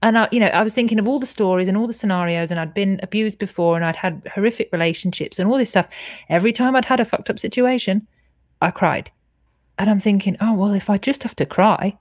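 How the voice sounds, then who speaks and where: A woman's voice: medium pitch, fast, no room sound. Frank woman, dry close sound. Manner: frank, earnest, swears freely. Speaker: podcast guest. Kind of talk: candid personal storytelling.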